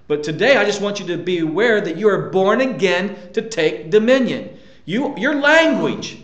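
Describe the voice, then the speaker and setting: A man's voice: sits high, a bit bright, echoey room. A male pastor preaching a sermon with emphasis, asking the congregation rhetorical questions.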